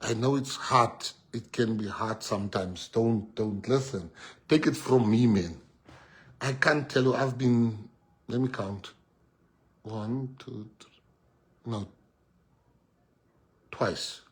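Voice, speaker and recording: A man with a South African accent gives an unscripted speech and tells stories as he goes. His voice is husky, slightly breathy, with mid pitch, and he speaks in a loose, conversational way that slips into Afrikaans now and then. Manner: animated, laughing anecdotes mixing in Afrikaans. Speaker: politician addressing an audience. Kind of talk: storytelling speech.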